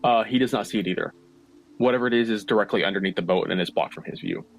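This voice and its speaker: A man serving as game master, narrating a tabletop game at a measured pace, with lots of "uh" fillers and the odd swear. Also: fairly low pitch, gravelly, soft background music. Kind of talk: narrating a tabletop game over an online call. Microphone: online voice-chat mic.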